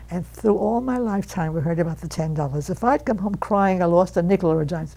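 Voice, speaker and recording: A woman of one hundred telling stories from her life in an interview, animated and acting out the voices of her relatives. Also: lowish voice, fairly quick, gravelly, hardly any pauses, rough recording. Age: 100. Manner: animated storyteller who acts out quoted relatives. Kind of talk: reminiscing storytelling.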